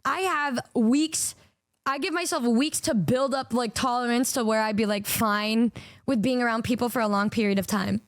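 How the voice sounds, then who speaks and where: A young woman streaming as a VTuber, telling stories to her chat in a casual, animated way with frequent swearing and stammered restarts. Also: a little high, moderate pace, dry recording, clean studio sound.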